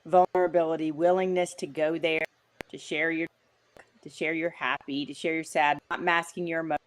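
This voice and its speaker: A woman guest on an interview show, talking in an emphatic, animated, motivational way with frequent fillers. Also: deep voice, fairly quick, slight background noise. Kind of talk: motivational conversational talk.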